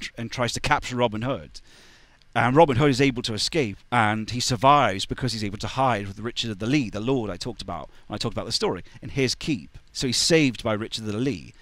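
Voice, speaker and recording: A man's voice: mid-range voice, a bit bright, dry recording. Young male presenter, casual lecture voice, conversational asides, dry close mic. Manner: chatty, restarts and asides while retelling. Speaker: YouTube presenter on medieval ballads.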